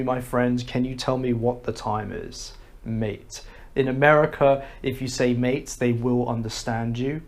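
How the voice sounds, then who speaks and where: A man from England with an English accent, teaching English slang to learners in a careful, deliberate way. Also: mid-range voice, darkish tone. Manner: slow, careful, deliberate delivery. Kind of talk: slow explanatory lesson for learners. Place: Russia.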